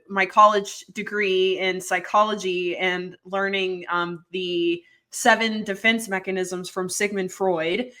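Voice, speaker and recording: A woman's voice: mid-range voice, fairly bright tone. A young woman co-hosting a podcast, chatty and casual, with lots of "like" and "um" fillers. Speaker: podcast co-host. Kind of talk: casual chat.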